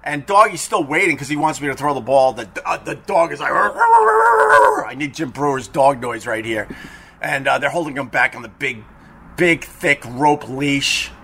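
Chatty, bright-voiced man telling a story. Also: mid-range voice, moderate pace. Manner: chatty, profane, acts out quotes in raised voices. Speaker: podcast host. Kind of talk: casual storytelling monologue.

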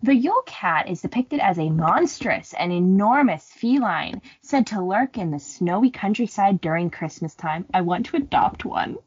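A woman's voice: mid-range voice, moderate pace, few pauses, husky, dry recording. A young woman co-hosting a casual podcast, chatting and reading folklore notes with sarcastic asides. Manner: animated, joking, sarcastic asides. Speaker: podcast co-host. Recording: dry, dull lo-fi mic.

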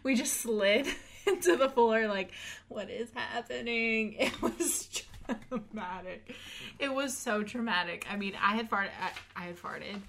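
Animated young woman telling a story. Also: medium pitch, measured pace, slight background noise. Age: 20s. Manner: animated storyteller, laughs often, acts out quotes. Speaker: podcast host. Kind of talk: casual chat.

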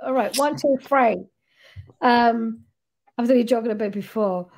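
High-voiced blunt Irish woman. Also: moderate pace, a little mellow. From Ireland. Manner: blunt, jokey, swears casually. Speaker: podcast host. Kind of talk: casual chat.

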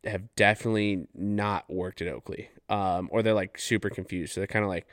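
A deep, steady, slightly bright voice moves at a brisk pace in a studio-quality recording with no room sound. It's a young podcast host from Farmington, New Mexico, USA, telling funny stories from his home couch in a rambling, casual way, swearing often and using many fillers.

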